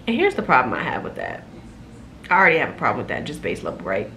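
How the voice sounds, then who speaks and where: A young adult woman and flight attendant, telling a story in a casual, animated, sassy vlog from a room at home, recorded on a camera mic. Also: rumbling low, fast, vocal fry, a little hiss or hum. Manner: animated, sassy, loud laughs, exclaiming.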